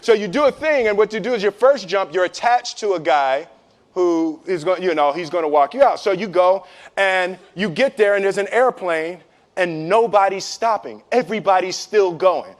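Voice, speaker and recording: A man as an interview guest, telling a personal story in an animated, joking way, acting out what people said and laughing often. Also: high-pitched, normal speed. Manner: lively and joking, acts out quotes, laughs often.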